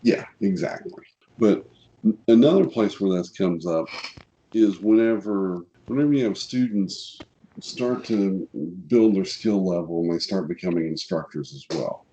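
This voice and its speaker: Missouri guy on a podcast, low mellow voice, kinda dull lo-fi sound, blunt and gets fired up. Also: measured pace, a little hiss or hum. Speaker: podcast co-host. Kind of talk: casual podcast chat.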